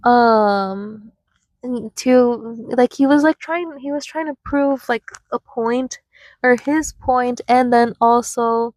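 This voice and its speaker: A woman's voice: on the high side, slow, a little mellow, no echo. A young woman vlogger telling a personal story in a casual, rambling way, full of fillers and restarts.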